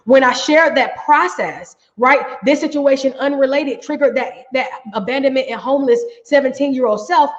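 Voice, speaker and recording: A woman's voice: high voice, moderate pace, hardly any pauses. A middle-aged woman coach giving a healing workshop talk, emphatic, often checking in with "right?". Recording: echoey, dull room sound.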